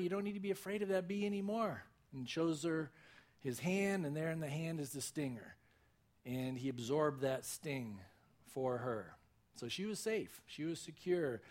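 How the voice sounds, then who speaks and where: Earnest male pastor delivering a sermon, voice sitting a bit high. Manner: earnest, storytelling preacher.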